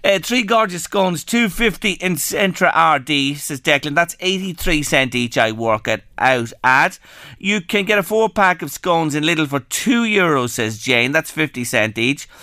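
An Irish man hosting a radio show, chatting in an animated, joking way with quick asides. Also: on the high side, no echo, studio quality. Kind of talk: casual radio chat. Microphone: studio microphone.

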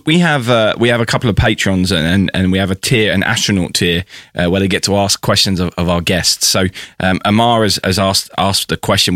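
Deep-voiced podcast host, dry sound. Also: male voice, no room sound. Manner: relaxed, reads listener questions. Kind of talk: casual interview.

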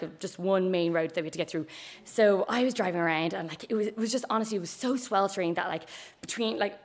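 A young woman with an Irish accent telling a story, chatty and full of asides. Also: mid-range voice. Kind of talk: live storytelling.

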